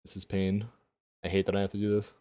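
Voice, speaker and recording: A man's voice: low-pitched, monotone, fast, mellow, dry recording, clean studio sound. A man playing a tabletop game, blunt and profane, grumbling about his choices. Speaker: player.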